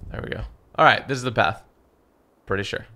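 A man's voice: mid-range voice, a little fast, bright, forceful tone. A man chatting casually and playfully while playing a co-op video game with a friend. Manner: playful, goofy exclamations. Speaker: gaming YouTuber. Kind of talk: casual co-op gameplay chat.

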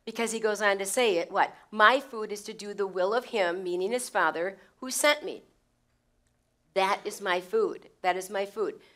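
A woman with a medium-pitched, fairly bright voice speaks at a moderate pace. She teaches a Bible lesson conversationally, repeating phrases for emphasis and checking in with her listeners. Her delivery is casual, with stumbles and restarts.

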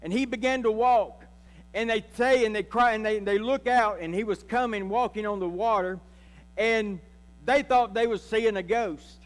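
A man's voice: high voice, normal speed, long reverb tail. A man, a pastor, preaching a sermon and calling out to his congregation. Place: church sanctuary.

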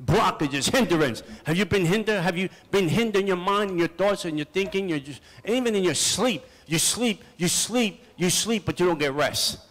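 Older man, preacher, high voice, punchy rhetorical questions, echoing hall. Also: expressive, moderate pace, few pauses, a bit bright. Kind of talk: preaching at a seminar.

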